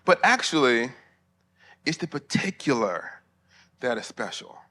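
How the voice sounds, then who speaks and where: Middle-aged man, bright sharp tone, conference talk full of jokes and asides to the room. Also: medium pitch, big pitch swings, a little slow. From Alabama, US. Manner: humorous, conversational, with asides to the crowd. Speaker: preacher and theologian. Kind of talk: conference sermon. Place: conference hall before pastors.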